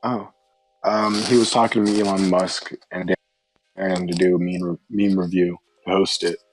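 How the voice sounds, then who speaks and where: A man's voice: sits low, flat delivery, moderate pace. A young man chats on a podcast call, retelling a story in a loose, trailing way with fillers. His voice sits mid-range. Faint music hums in the background. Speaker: podcast co-host. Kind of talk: casual chat.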